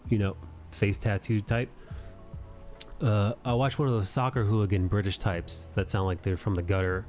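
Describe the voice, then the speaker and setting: A man with a low voice hosts a laid-back live stream chat, swearing freely and laughing at his own stories. Faint music plays behind him. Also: fairly even intonation, moderate pace, a little mellow. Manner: crude, profane and laughing easily. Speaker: host of an art live stream. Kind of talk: casual chat.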